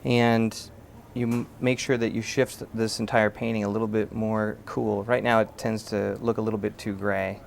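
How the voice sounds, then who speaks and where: A man with a low, gravelly voice calmly explains how cartoon backgrounds are painted and hands out notes to a painter. He talks in an unhurried way, pausing often with an "uh", and a faint hiss sits behind him. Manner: calm, many "uh" pauses.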